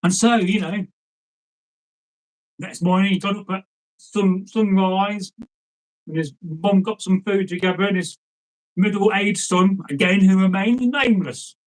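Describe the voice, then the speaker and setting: A man's voice: sits high, unhurried, pauses often, poor audio. Chatty man telling a folk tale. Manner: chatty, digressive, with asides to the listener. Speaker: storyteller. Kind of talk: casual folk-tale storytelling.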